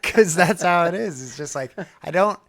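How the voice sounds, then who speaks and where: Male co-host for a casual podcast, loud and passionate, restarts his sentences often. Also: sits high, animated, moderate pace, vocal fry. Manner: loud, self-described passionate talker; rambling, restarts a lot.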